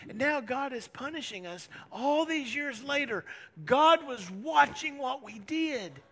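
A man voicing frightened, guilty grown brothers who plead and lament in a high, tearful voice. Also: lively intonation, measured pace, fairly bright tone, in a large hall, heavily acted. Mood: remorseful.

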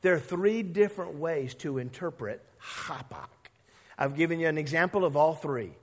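Animated male pastor preaching a sermon. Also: on the high side, moderate pace, long reverb tail. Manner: conversational, acts out voices of Bible characters; animated, playful with the congregation.

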